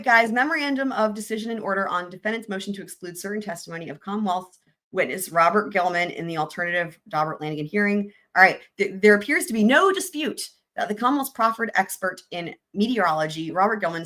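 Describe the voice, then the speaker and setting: A woman's voice: medium pitch, lively intonation, fast talker, sharp tone. A woman hosting a casual livestream, reading court filings aloud and joking, often breaking into giggles. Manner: giggly, jokey, trails off into laughter. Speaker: livestream host.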